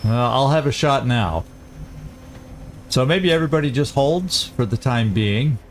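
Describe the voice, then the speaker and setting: A man hosting a let's-play, chatting casually and thinking aloud as he plays, quick to laugh. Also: medium pitch, animated, a little hiss or hum. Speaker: gaming channel host.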